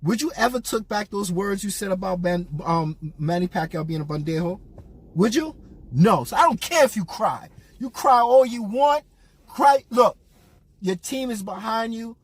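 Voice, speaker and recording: A man's voice: high voice, lively intonation, moderate pace, breathy edge, no room sound. A man giving a blunt, profane, mocking rant as a boxing commentator.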